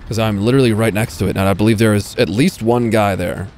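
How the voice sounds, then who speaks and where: A man's voice: on the low side, steady tone, quick pace, a little mellow. A young man giving casual, self-mocking live commentary while playing a tank game, swearing and talking to himself. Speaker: gaming YouTuber. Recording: faint game noise behind. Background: game gunfire and vehicle sounds.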